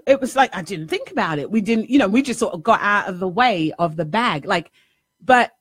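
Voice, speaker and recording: A woman, host and life coach, telling a story in an animated, casual monologue, acting out the dialogue and swearing now and then. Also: mid-range voice, dry recording, clean studio sound.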